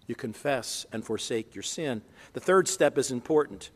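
A man preaching a sermon as pastor, animated, leading the congregation to repeat phrases after him. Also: medium pitch, moderate pace. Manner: animated preaching, leads congregation in call-and-response. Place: church sanctuary. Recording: long church reverb.

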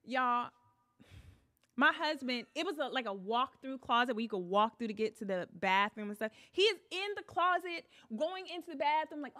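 A woman telling a story in a casual chat, animated, acting out what people said and laughing often. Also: a little high, normal speed, no room sound.

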